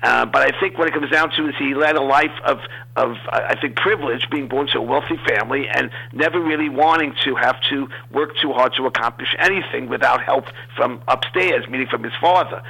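A man from New York, a guest on a radio talk show, giving measured opinions in casual chat. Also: medium pitch, gravelly, pushed and bright, husky, poor audio. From Queens, New York. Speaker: guest commentator.

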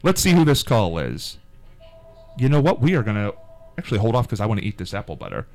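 A man's voice: on the low side, wildly swooping pitch, fast talker, a little mellow, faint music behind. A man hosting a radio show, bantering in a dry, teasing way on a studio microphone. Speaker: radio host. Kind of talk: casual on-air banter.

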